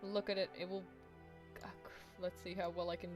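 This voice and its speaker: A woman's voice: fairly low pitch, level tone, a little fast, music in the background. A British woman streaming a story game, chatting and laughing with her chat and reading the text aloud. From Britain. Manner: chatty, giggly, talks to chat.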